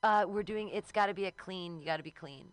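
A woman's voice: mid-range voice, a little fast, smooth, no room sound. A woman hosting a comedy open mic, joking loosely between acts.

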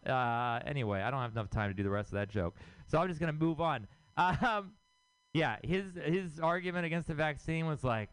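A man from Houston working through a stand-up set on a club stage, rambling and swearing freely. His voice comes across smooth and resonant, close and dry on the mic. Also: on the high side, no echo. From Houston, Texas. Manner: rambling, profane, laughs at own jokes. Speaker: stand-up comedian.

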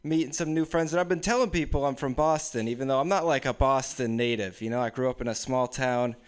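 A young man in his twenties telling casual, deadpan stand-up stories at an open mic. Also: medium pitch, fast, clean tone. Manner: casual, deadpan storytelling with frequent laughs. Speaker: stand-up comedian. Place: small room with few people. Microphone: stage microphone.

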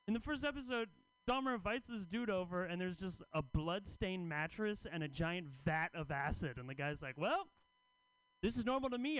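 A man doing a stand-up set in a comedy club, making wry, deadpan asides to the crowd. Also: sits high, clean tone, poor audio. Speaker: stand-up comic and festival host.

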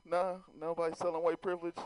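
A man's voice: a little high, monotone, fast talker, clean tone, no room sound, poor audio. A man doing a stand-up comedy set, loose and swearing, talking straight to the crowd.

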